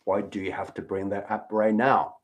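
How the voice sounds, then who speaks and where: A man's voice: on the low side, level tone, voice pushed down, lightly acted. A man playing an evasive man who dodges a friend's questions and answers defensively. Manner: defensive, quick.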